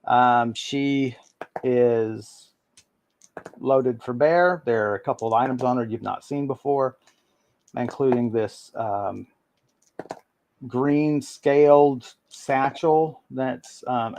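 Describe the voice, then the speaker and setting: A man narrating a tabletop game as game master, halting and full of ums. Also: mid-range voice, a little mellow.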